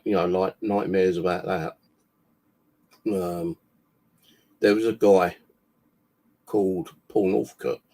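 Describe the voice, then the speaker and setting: A man's voice: fairly low pitch, creaky, warm tone. A man telling rambling personal stories in casual talk, swearing often and filling with "you know" and "like", over a video call mic. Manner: rambling, heavy swearing, many fillers. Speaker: guest sharing personal stories. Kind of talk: casual storytelling.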